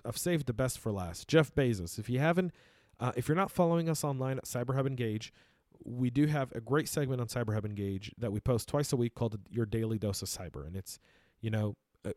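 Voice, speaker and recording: A man's voice: medium pitch, darkish tone, no echo. A man hosting a podcast in a studio, talking casually and emphatically with frequent restarts, a native Arabic speaker. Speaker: podcast host.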